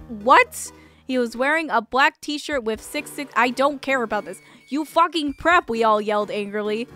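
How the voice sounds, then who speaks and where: A woman's voice: medium pitch, a bit bright. A woman streamer reading a fan fiction aloud, breaking off for dry, mocking asides. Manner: dry, mocking asides between read passages.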